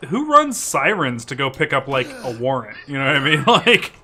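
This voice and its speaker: A man's voice: medium pitch, big pitch swings, moderate pace, sharp tone. A man hosting a co-op gaming stream, rambling through stories in casual chat, swearing freely and laughing as he goes. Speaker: gaming channel host. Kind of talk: casual chat over co-op gameplay.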